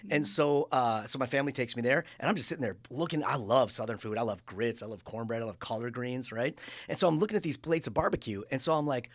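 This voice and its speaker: A man in his late forties hosting a podcast in a studio, chatting casually and telling stories with quick asides. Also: medium pitch. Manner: lively storyteller, quick asides. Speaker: podcast host. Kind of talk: casual interview chat.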